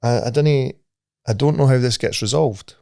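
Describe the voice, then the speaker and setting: A man's voice: mid-range voice, normal speed, gravelly, warm tone, dry recording, clean studio sound. A Scottish man co-hosting a podcast in casual chat, swearing freely and laughing at his own stories. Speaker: podcast co-host.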